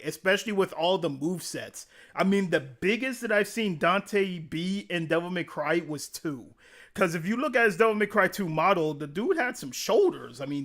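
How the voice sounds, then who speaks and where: Streamer guy w a kinda high voice, casual chat, swears a lot, laughs constantly, reads chat out loud. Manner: profane, laughs often, rambling game talk. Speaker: live streamer. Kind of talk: casual live-stream chat, reading chat comments.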